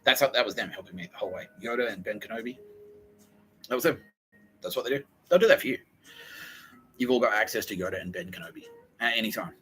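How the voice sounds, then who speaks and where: A man's voice: fairly low pitch, fast talker, long pauses, sharp tone, slight background noise, poor audio. A man hosting a comedy podcast, rambling through a jokey monologue and swearing heavily. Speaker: podcast host.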